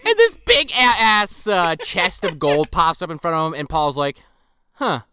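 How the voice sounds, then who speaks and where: A man's voice: on the high side, sing-song, normal speed, bright, forceful tone, clean tone, dry recording, studio quality. A man co-hosting a movie podcast, retelling scenes by voicing the characters, with plenty of fillers. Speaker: podcast co-host. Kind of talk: casual movie-review banter.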